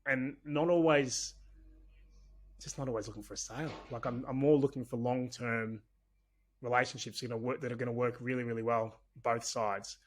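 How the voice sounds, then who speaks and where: A steady-toned, mid-range male voice with an Australian accent talks a little fast. The speaker owns a business and is a podcast guest in a casual interview, candid and chatty and prone to rambling.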